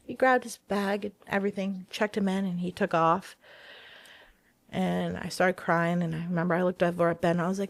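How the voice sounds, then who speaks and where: A woman, a guest in an interview, telling a personal story in a casual, animated way and acting out the dialogue she quotes. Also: on the low side, moderate pace, vocal fry, no room sound.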